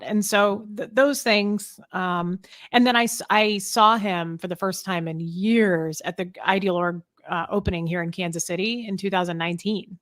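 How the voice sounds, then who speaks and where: A woman's voice: lowish voice, normal speed, a bit bright. Emotional rambling woman. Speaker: guest. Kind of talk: casual interview talk.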